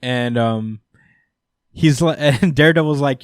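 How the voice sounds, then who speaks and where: A man hosting a podcast, chatting about comics in excited, profane bursts with laughter mixed in. His voice sits mid-range for a man. The close mic gives a dry sound with no room echo. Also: mid-range voice, measured pace, smooth. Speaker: podcast host. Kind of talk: casual comic-book recap chat.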